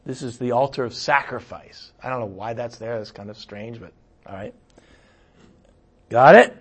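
A man preaching a conversational sermon, swinging between loud exclamations and quiet asides. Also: mid-range voice, expressive, normal speed, vocal fry, slightly rough. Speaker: pastor.

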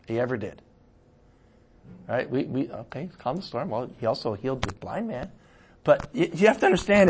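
A man preaching a conversational sermon, swinging between loud exclamations and quiet asides. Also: on the high side, slight background noise. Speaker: pastor.

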